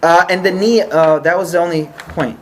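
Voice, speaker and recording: A man's voice: a little high, steady tone, normal speed. A man teaching an informal religious study class, explaining patiently and checking often that the group follows.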